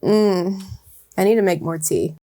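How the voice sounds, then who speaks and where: Woman writer, lowish voice, chatty and wry, reads her draft aloud and edits on the fly. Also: measured pace, background noise. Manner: chatty and wry, with frequent fillers like "like". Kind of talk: reading a draft aloud and editing it with casual commentary.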